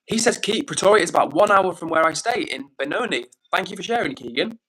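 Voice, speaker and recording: A man's voice: high voice, lively intonation, quick pace, fairly bright tone. Upbeat young male streamer. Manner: upbeat, chatty, reads chat aloud with slang. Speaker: livestreamer. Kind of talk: casual live-stream chat.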